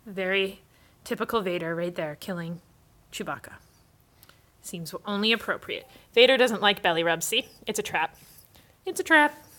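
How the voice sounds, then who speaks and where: A woman's voice: mid-range voice, normal speed, a bit bright. A woman hosting a casual livestream, chatting with viewers and cooing baby talk at her cats.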